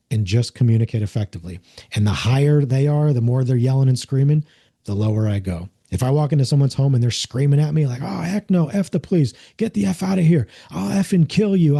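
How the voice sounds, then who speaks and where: An American former police officer explains things earnestly in a conversational interview, acting out the voices of people he quotes. He has a mellow, husky, lowish voice.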